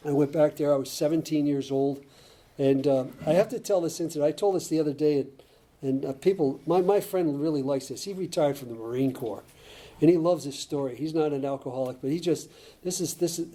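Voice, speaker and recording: An older man from Connecticut telling his life story at a recovery meeting, rambling and halting with many restarts, chuckling at his own tales. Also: a little high, mellow. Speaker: AA speaker.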